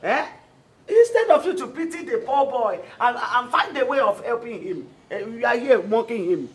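A woman's voice: on the high side, expressive, normal speed, slightly rough. An actress with a Nigerian accent playing a middle-aged wife in a film drama who scolds her husband indignantly. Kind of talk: Nollywood film acting.

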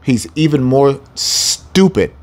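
A man's voice: medium pitch, lively intonation, slow. A man teaching a scripture lesson, speaking emphatically, repeating phrases for stress and addressing his listeners as family. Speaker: Bible teacher.

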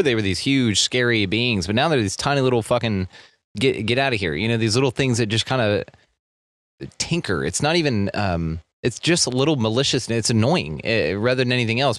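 A man's voice: medium pitch, a bit bright, no echo. A man hosting a podcast in casual chat, musing at length, with frequent swearing. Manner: reflective, profane, rambling. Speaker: podcast host.

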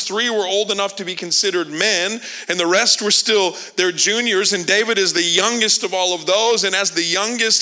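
A man's voice: high voice, sharp tone. A man preaching a sermon, telling a story with humor and acting out the characters' lines. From Canada. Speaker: pastor.

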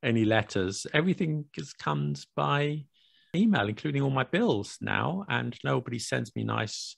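A man's voice: medium pitch, animated, moderate pace, gravelly, no room sound, clean studio sound. A British man co-hosting a podcast in casual chat, playful and teasing, with self-mocking asides. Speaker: podcast co-host.

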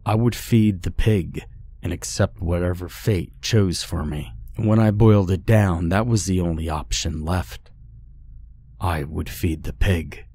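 A man giving a scripted horror story narration in a measured, grim way. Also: sits low, warm tone, slightly rough.

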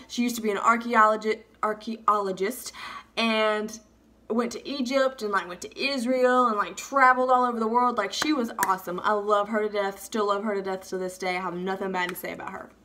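A young woman vlogger telling a funny storytime, animated and freely swearing. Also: mid-range voice, a little fast, slight background noise. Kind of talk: storytime vlog.

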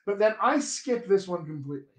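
A man's voice: high-pitched, animated. Chatty General American man, echoey room. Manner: demonstrative, chatty, repeats sample words slowly. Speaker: dialect coach. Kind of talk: live-streamed accent lesson.

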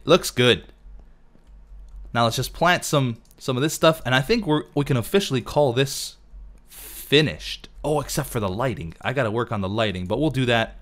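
A let's play host casually narrates his gameplay, chatting to himself as he builds and fusses over details, though he's losing his voice. His voice is mid-range and a bit bright, animated, at normal speed.

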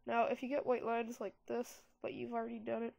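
A young woman with a congested, somewhat high, creaky voice and a darkish tone reviews a graphics tablet and demonstrates how she draws, speaking briskly in a flat monotone. She's a product reviewer, and her casual delivery is chatty and rambling, full of fillers. Music plays behind her throughout.

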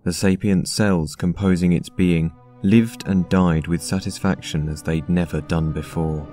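A man reading a dark story aloud in a measured, even narration. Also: low-pitched. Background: synth music.

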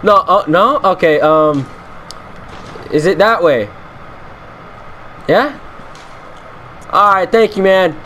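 A man's voice: high-pitched, takes it slowly, pauses often, bright, forceful tone, slight background noise. A man giving casual, jokey commentary while playing a game, chatting to the enemies and laughing often. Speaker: let's play gamer.

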